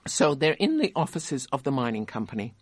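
A man's voice: mid-range voice, huge pitch swings, brisk, no room sound. A man giving a conversational literature lecture and reading passages aloud. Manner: conversational, explanatory, with restarts.

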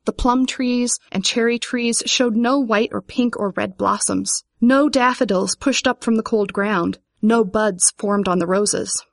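A woman calmly explaining a custom and then reading a children's story aloud, measured and clear. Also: mid-range voice, no echo, studio quality.

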